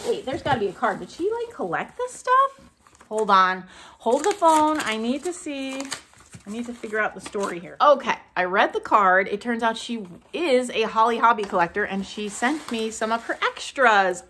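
A woman's voice: fairly high pitch, sing-song, normal speed, pushed and bright, slight background noise. A woman, a thrift vlogger, chatting casually through a haul video and gushing over each item she unwraps.

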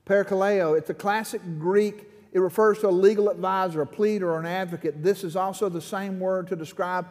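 A middle-aged man preaching with passion, his high voice carrying through a long hall echo. He explains a passage and then presses the point with growing urgency, as a pastor does in a church. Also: fairly even intonation, a little fast, few pauses, a little mellow. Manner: impassioned, rising to fervent pleading in prayer. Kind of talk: sermon.

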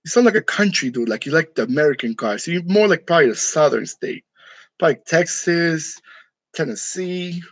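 A man's voice: fairly high pitch, expressive, brisk, a bit bright, no room sound, poor audio. A man from New York chatting casually with his viewers, joking and laughing often in a room decorated for Halloween. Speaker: channel host. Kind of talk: casual live chat with viewers.

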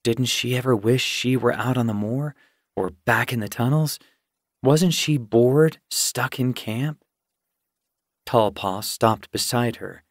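A man narrating an audiobook in a measured storytelling manner. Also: medium pitch, dry recording, clean studio sound. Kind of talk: scripted narration.

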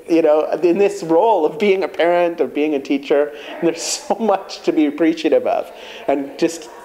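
A guest in a conversation, his voice slightly high, reflects on emotions and relates personal tales, quoting himself with animation. Slight background noise comes through, and the audio quality is poor.

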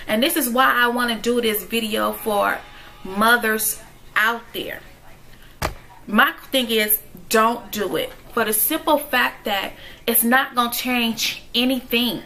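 Mom vlogger, bright forceful voice, fairly high, talks straight at you. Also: female voice, rough recording. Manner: emphatic, direct, keeps asking "okay?". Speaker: vlogger, stay-at-home mom. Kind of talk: storytime vlog.

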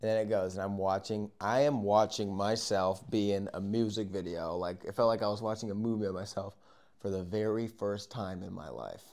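A young man telling a casual, rambling story, acting out moments with yells and whispers. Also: on the low side, normal speed. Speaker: vlogger.

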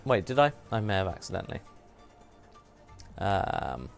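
Here a man with a deep, creaky voice speaks at a measured pace but with very animated delivery, faint music in the background. As host of a live game stream, he wanders through a story in casual chat, laughing frequently and poking fun at himself.

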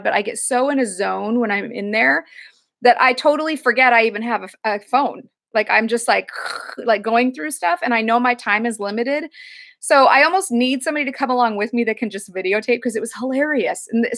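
A woman's voice: a little high, fairly bright tone. A woman chatting casually through a thrift haul video, rambling with lots of fillers and restarts. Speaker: thrift reseller vlogger.

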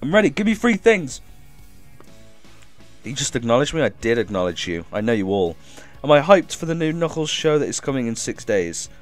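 A man streaming a game live, reading chat aloud and thanking viewers with excitable energy, coughing now and then as if ill. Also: mid-range voice, fast talker, few pauses, soft background music.

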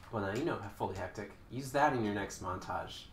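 A young man rambling and joking as he streams a game, now and then breaking into sudden loud outbursts. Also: lowish voice. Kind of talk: casual live-stream commentary. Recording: echoey room with faint noise.

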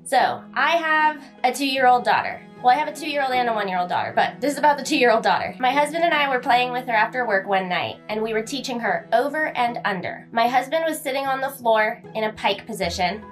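Chatty young woman, higher voice. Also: a little fast, few pauses, faint music behind. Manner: chatty and animated, talks to her dog between story bits. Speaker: vlogger telling a story about her service dog. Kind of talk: casual storytelling vlog.

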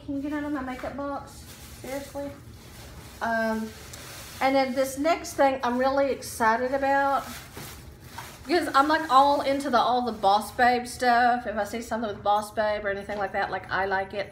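A woman's voice: medium pitch, roomy sound, slight background noise. A woman chatting casually in a home haul vlog, upbeat, with lots of ums and likes. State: out of breath while standing. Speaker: vlogger. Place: room at home.

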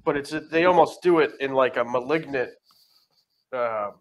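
A man's voice: mid-range voice, moderate pace. A man hosting a casual interview, mostly giving short acknowledgements. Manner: reactive, many short acknowledgements.

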